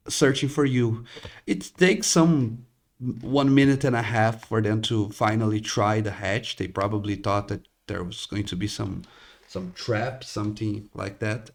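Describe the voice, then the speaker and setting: A man narrating as game master in a tabletop game, unhurried and pausing with fillers. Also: on the low side.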